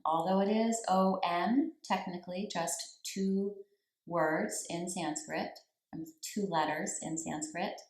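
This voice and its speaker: A woman teaching a yoga class, giving slow, calm cues for breath and posture with long pauses between them. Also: on the low side. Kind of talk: guided yoga class instruction. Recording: echoey room.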